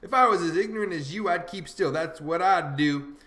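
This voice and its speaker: A man voicing a bossy know-it-all boy, insistent, folksy dialect, fairly high voice, echoey room. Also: a little fast, sharp tone. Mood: lecturing. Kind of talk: audiobook character reading. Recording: roomy echo.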